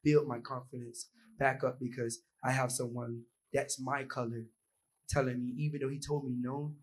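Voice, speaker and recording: A man's voice: medium pitch, flat delivery, normal speed, poor audio. Earnest young man speaking from the floor. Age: young adult. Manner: earnest, acts out example dialogue. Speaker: audience member, university student. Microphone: audience microphone.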